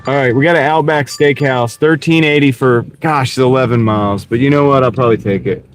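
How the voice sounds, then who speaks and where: A delivery driver streaming live while driving talks in a mid-pitched voice at a fairly quick clip. His casual chat is laid-back, greeting viewers by name and muttering over order offers, all over constant car engine and road noise.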